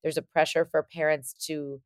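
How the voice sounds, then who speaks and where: Woman podcast host with a low voice, reflective and conversational; close, dry studio recording. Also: little pitch movement, moderate pace, smooth, no room sound. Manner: thoughtful, restates points, laughs lightly. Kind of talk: casual conversational podcast discussion.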